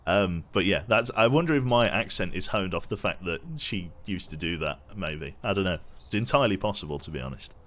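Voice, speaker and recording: A man's voice: deep voice, expressive, fairly quick, few pauses, a bit bright. A young man from England with a posh English accent, chatting casually with his viewers while streaming a game, self-deprecating and reading chat aloud.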